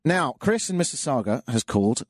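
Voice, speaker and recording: A man's voice: medium pitch, sing-song, brisk, no room sound. A man hosting a call-in radio show, telling stories and jokes in a dry, self-mocking way. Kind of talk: casual monologue with jokes.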